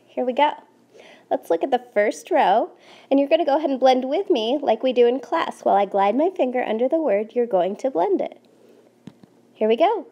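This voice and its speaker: A woman teacher leading young children through a phonics lesson from home, sounding out words slowly and clearly with encouragement. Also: sits high, warm tone.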